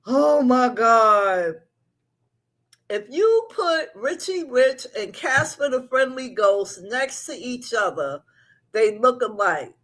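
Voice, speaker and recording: A woman's voice: a little high, sing-song, fairly bright tone. A middle-aged woman hosting a live recap show from her apartment, chatting with her viewers and drawing out her stories. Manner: chatty, talks straight to viewers, drawn-out storytelling. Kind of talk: casual live chat with viewers.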